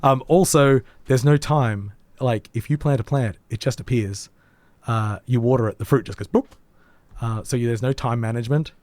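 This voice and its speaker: Brief: husky-voiced host, rambling and thoughtful, dry close mic. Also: male voice, medium pitch, normal speed, a little mellow, dry recording. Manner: rambling, thoughtful, many ums. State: hoarse, voice nearly gone. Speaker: podcast co-host. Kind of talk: casual game review chat.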